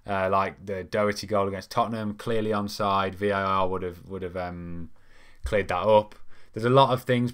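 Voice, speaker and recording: A man's voice: lowish voice, a bit bright. A young man hosting a casual live stream, chatting and reading viewer comments, rambling with lots of ums and restarts. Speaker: football fan show host.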